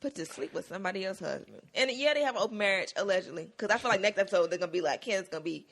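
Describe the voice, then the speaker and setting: Animated woman recapping TV with laughs. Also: mid-range voice, very fast. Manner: animated, laughing, slangy storytelling. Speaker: podcast co-host. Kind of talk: casual TV recap chat.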